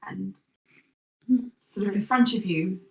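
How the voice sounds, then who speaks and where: A woman narrating a tabletop role-playing game as game master, in slow, measured second-person description. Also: medium pitch, gravelly, roomy sound, distant mic, low-quality recording.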